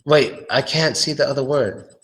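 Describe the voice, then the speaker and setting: Casual man drilling pronunciation. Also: mid-range voice. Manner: relaxed, repeats words slowly, swears casually. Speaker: English pronunciation tutor. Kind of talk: casual live-streamed pronunciation lesson.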